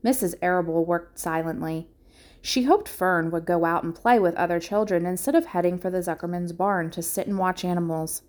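A woman narrating a children's book aloud in a calm, measured way, with small restarts now and then. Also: fairly low pitch. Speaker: audiobook reader.

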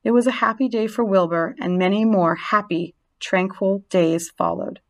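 A woman reads a storybook aloud in a gentle, expressive way, her pitch sitting in a middling range. She lets the story's quiet moments settle. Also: normal speed. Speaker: narrator. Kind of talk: storybook reading.

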